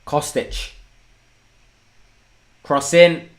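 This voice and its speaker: A young man hosting a live football watchalong, excitable, breaking into shouts and swearing. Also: on the high side, drawn-out words. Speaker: fan channel host.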